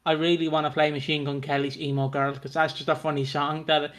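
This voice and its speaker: A man's voice: on the high side, flat delivery, fairly quick, a bit bright. A man co-hosting a casual chat, recapping a soap opera, laughing often and acting out the characters' lines. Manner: chatty, laughing, swearing, acts out characters' lines.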